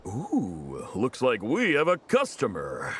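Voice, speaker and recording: A man's voice: medium pitch, huge pitch swings, slow pace, a bit bright, husky, exaggerated voice. A man voicing a friendly young candy seller with a breezy, chatty salesman manner.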